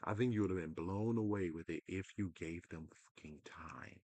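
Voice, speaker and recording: A man's voice: low-pitched, normal speed, dry recording. A man ranting casually about video games, exasperated and profane, now and then mocking other people in a put-on voice. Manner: swings between loud outbursts and muttering. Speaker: gaming commentator. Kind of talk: casual rant to camera.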